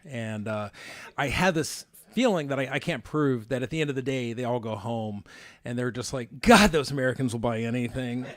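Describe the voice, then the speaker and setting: A man's voice: mid-range voice, dry recording. Guy hosting an author panel, casual jokey intros, dry close sound. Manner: joking and informal, with fillers and restarts. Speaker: panel moderator.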